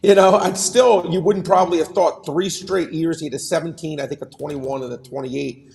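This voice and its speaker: A man's voice: on the high side, fairly even intonation, brisk, creaky, darkish tone. A man chatting about sports on the radio, rattling off numbers with a nostalgic tone. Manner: stat-heavy, nostalgic. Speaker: regular sports contributor. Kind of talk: casual sports chat on a call-in line.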